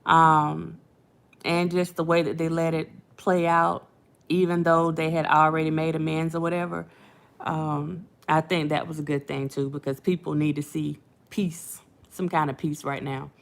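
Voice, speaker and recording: A woman's voice: low-pitched, little pitch movement, unhurried, creaky. A woman, hosting casual late-night commentary, chatty and laughing often while she retells things. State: has a headache. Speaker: channel host.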